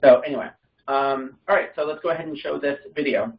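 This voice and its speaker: Distant man teaching a class. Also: mid-range voice. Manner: conversational, halting explanation. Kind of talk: classroom lecture. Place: classroom with online listeners. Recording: distant, muffled room recording.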